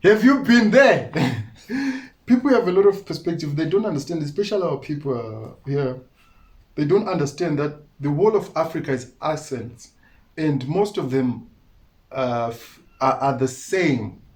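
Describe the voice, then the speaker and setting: A man's voice: on the high side, lively intonation, moderate pace, a little mellow. A man from Malawi with a Malawian accent, talking earnestly as an interview guest and often breaking into laughter. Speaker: musician guest. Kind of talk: casual interview talk.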